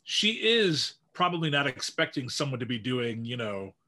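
A man's voice: mid-range voice, very animated, moderate pace, bright, forceful tone. A man co-hosting a podcast, hedging his points with many "you know"s. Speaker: podcast co-host. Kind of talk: casual chat.

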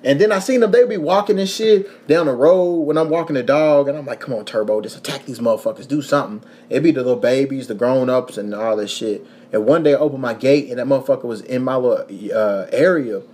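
A young man from Kentucky hosts a casual podcast at an ordinary, mid-range pitch. He tells stories in a loose, profane, animated way, laughing as he goes. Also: a little fast, few pauses. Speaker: podcast host.

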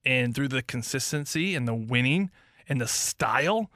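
A man who once played hockey chats about the game in an animated, story-telling way. His voice is bright and forceful. The sound is dry and close to the mic. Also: medium pitch, normal speed, no room sound. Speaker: hockey analyst, former player. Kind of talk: casual sports talk.

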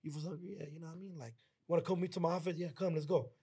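A man co-hosting a podcast, telling a story in a casual, slangy and heartfelt way, acting out his friends' lines in quick quoted bursts. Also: fairly high pitch, fairly even intonation, dark tone, husky. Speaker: podcast co-host.

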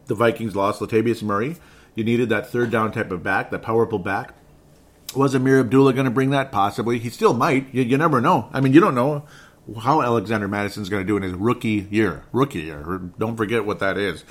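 A man giving casual solo commentary on football draft picks, rambling and correcting himself as he talks. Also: mid-range voice. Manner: rambling, self-correcting, conversational. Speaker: sports podcast host.

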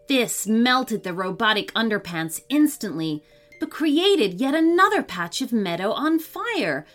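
A woman narrating a children's story in an expressive, animated way. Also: a little high.

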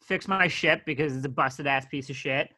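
A man's voice: on the high side, fairly quick, bright, forceful tone. A man co-hosting a casual review podcast, blunt and sarcastic, critical of the writing. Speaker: podcast co-host reviewing a TV episode. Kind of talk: casual chat.

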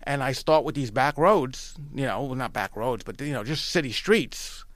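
A man from Long Island telling his story in a casual, animated way, repeating phrases and often restarting. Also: mid-range voice, moderate pace, dry recording. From Long Island, New York.

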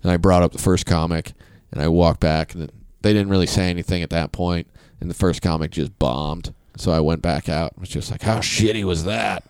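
A man's voice: low-pitched, fairly quick, hardly any pauses, clear, resonant tone, no echo. A comedian guest, a man telling stories in casual, profane chat, laughing often. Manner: animated, profane, laughing storyteller.

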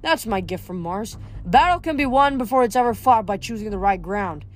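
A woman reading aloud voices a steady young man who answers in a calm, dry, matter-of-fact way. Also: mid-range voice, a little fast, natural voice. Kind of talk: audiobook character voice.

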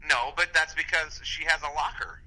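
Bright-voiced rambling man on a phone. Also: fairly high pitch, moderate pace, rough recording. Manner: rambling, laughs easily. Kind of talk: casual chat. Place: pacing around while on a phone call.

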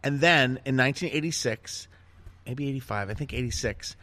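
A middle-aged man hosting a casual chat, telling self-mocking stories in a lively, animated way. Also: medium pitch, normal speed. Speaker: host.

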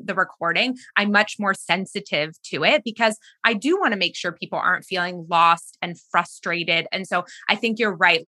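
A woman hosting a podcast interview, fast-talking and thoughtful as she asks questions. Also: fairly low pitch, bright, forceful tone, no echo. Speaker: podcast host.

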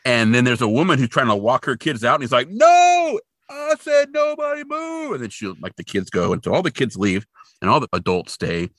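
A man's voice: mid-range voice, fairly bright tone, no room sound, studio quality. A man co-hosting a podcast, casually recapping a TV episode and jokily acting out the characters' lines. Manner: jokey, acts out characters' lines in quick voices. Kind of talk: casual chat.

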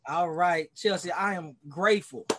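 A man's voice: high voice, normal speed, background noise. A man who is a pastor, talking as a guest in a casual podcast interview, earnest and enthusiastic, often restarting and repeating his words. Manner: talkative self-described extrovert.

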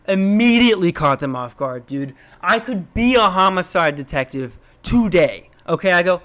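A young man from Minnesota telling a story in an animated, self-mocking rant, swearing freely. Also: normal speed. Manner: animated, self-mocking, swears, jumps into high voices when quoting.

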